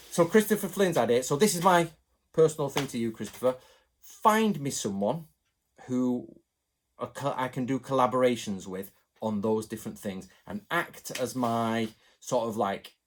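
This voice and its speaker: A man from England chatting to his viewers in a rambling, animated way, going off on asides. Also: medium pitch. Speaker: channel host. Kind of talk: casual chat to camera.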